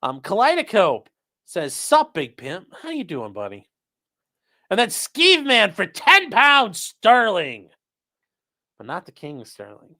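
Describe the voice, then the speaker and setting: A man's voice: high voice, wildly swooping pitch, slow pace, pushed and bright. A man hosting a casual livestream, reading viewer messages aloud and making blunt, sarcastic, profane asides. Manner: sarcastic and blunt, swears freely. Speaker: livestream host reading chat. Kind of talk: casual live commentary.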